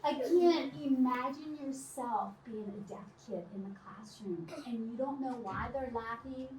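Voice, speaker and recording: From across a noisy, reverberant classroom, a distant mic catches a middle-aged woman teacher taking children through an activity. Her high voice is unhurried, animated and directive, often breaking into laughter.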